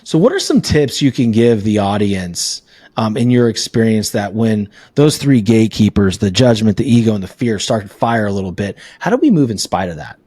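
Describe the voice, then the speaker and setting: A man hosting a podcast, telling personal stories and asking questions in a relaxed, candid way. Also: lowish voice, normal speed, breathy edge, dry recording. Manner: storytelling, relaxed and candid, with casual swearing. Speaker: podcast host. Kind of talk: casual interview chat.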